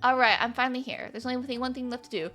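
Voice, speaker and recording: A woman's voice: high-pitched, fairly even intonation, rapid-fire, sharp tone, faint music behind. A woman streamer chatting casually and giggling while she plays a dating game. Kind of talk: casual live-stream commentary.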